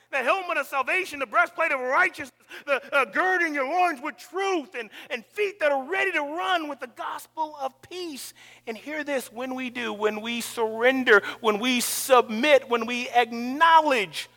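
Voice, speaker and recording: High-voiced preacher man in an echoing hall. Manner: swings from loud calls to near-whispers. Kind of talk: sermon.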